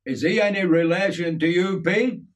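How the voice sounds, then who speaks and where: A man's voice: sits high, moderate pace, voice pushed up, lightly acted. A man voicing an eager, curious fifteen-year-old boy asking questions.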